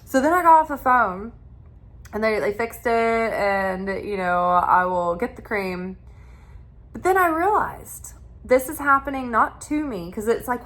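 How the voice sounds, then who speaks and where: A woman's voice: a little high, lively intonation, moderate pace, fairly bright tone. A woman who hosts a spiritual channel, telling a personal story in a chatty, rambling way with frequent restarts. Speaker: tarot reader and spiritual channel host.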